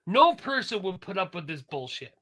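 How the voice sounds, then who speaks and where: Man, podcast co-host, bright sharp voice, blunt, profane, ranting. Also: high-pitched, big pitch swings, normal speed, slight background noise. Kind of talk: casual podcast chat.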